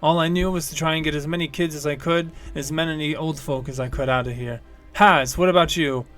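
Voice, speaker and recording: A man voicing an enraged female dwarf who scolds a panicked crowd in loud, indignant shouts. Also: on the high side, fairly even intonation, a little fast, soft background music, lightly acted. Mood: gruff.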